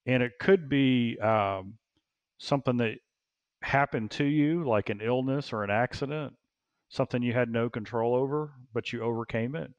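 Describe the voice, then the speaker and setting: Animated male business coach. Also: medium pitch, moderate pace, no room sound, muffled recording. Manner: animated, repeats phrases, laughs often. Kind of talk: casual interview talk.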